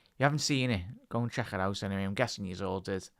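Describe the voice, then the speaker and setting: A man's voice: fairly low pitch, rapid-fire, creaky. A man with a Scouse accent giving casual live match commentary on a stream, chatting to his viewers and calling them lad and chat. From Liverpool, England.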